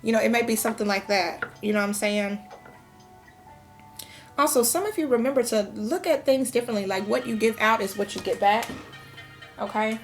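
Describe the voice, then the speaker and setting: A woman's voice: fairly high pitch, fairly quick, long pauses, soft background music. A woman in her thirties giving a casual tarot reading, talking frankly and chatting with lots of fillers. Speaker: tarot reader.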